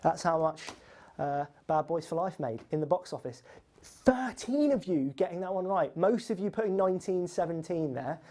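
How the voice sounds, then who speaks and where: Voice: medium pitch, expressive, moderate pace, dark tone. A quiz host running a live online quiz, reading out questions and scores in a chatty, teasing, upbeat way.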